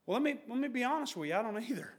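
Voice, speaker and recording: A man preaching a sermon to his church, swinging between quiet asides and sudden shouts. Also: very high-pitched, big pitch swings, rapid-fire, husky. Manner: preaching with sudden shouts and mocking quoted voices. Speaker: pastor.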